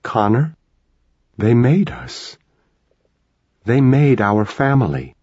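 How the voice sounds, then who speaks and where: A man's voice: mid-range voice, very animated, slow, a little mellow, slightly rough, no room sound, lo-fi sound, pitched above the performer's own voice, heavily acted. Man voicing a frightened tearful mother. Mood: hushed tender. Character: frightened middle-aged mother, fierce and tearful.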